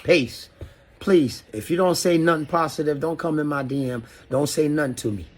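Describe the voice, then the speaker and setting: A man's voice: a little high, normal speed. A middle-aged man with a Ghanaian accent delivering a heated, profane video rant at his critics, lecturing and mixing in local phrases. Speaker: artist addressing critics.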